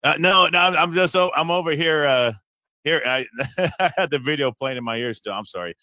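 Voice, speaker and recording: A man's voice: a little high, a little fast, pushed and bright, no echo. A man hosting a live stream in casual chat, stammering, rambling and apologizing a lot.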